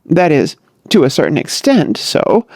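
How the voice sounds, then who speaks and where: Brief: narrator's voice for a choleric, self-willed dad, blustering with lively swings, dry read. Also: male voice, a little high, unhurried, creaky, no room sound, heavily acted. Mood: testy, blustering. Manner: blustering, testy. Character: irascible, self-willed older father.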